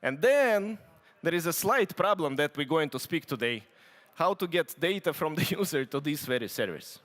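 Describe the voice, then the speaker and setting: A man with a Russian accent giving a conference tech talk, halting with many fillers and restarts and dry joking asides. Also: a little high, expressive, fairly bright tone. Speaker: conference speaker. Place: conference hall stage. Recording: long hall reverb.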